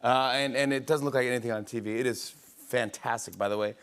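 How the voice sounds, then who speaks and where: A man's voice: mid-range voice, quick pace, fairly bright tone, smooth. A man hosting a talk show, interviewing his guest with enthusiastic, effusive praise. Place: TV studio.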